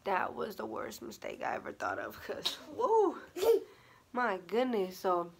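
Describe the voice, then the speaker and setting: A woman's voice: mid-range voice, wildly swooping pitch, unhurried, vocal fry. Young woman rambling through a storytime vlog, lots of likes and you knows, bit of hiss behind. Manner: chatty, many fillers and laughs, acts out quotes. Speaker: vlogger.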